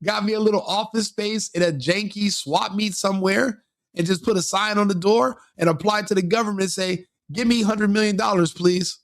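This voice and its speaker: A man's voice: sits high, brisk, creaky. A man hosting a live stream, commenting on a clip in a joking, mocking way.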